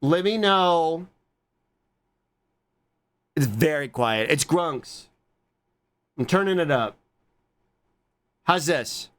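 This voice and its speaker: A man streaming and chatting casually with his viewers, excitable and swearing often. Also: very slow, long pauses. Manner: excitable, swears a lot, jumps to squeaky high greetings.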